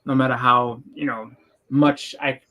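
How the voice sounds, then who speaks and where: A man with a thick Boston accent, co-hosting a podcast in casual chat, talking in quick, stumbling bursts full of fillers. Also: mid-range voice, steady tone, highs cut off. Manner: rapid, stumbling delivery with many fillers. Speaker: podcast co-host.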